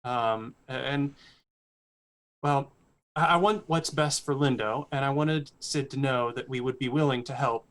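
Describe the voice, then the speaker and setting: A man's voice: mid-range voice, a little slow, fairly bright tone, lightly acted. A man speaking in character as an earnest, diplomatic male cleric, hesitant and stammering with uhs and ums. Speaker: player. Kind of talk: in-character role-play.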